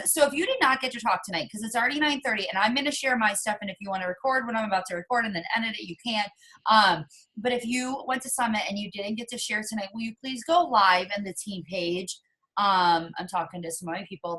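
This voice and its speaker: A woman's voice: medium pitch, fairly bright tone. Chatty woman coaching her team. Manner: chatty and emotional, with many ums and likes. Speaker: team coach leading a call. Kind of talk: casual motivational team call.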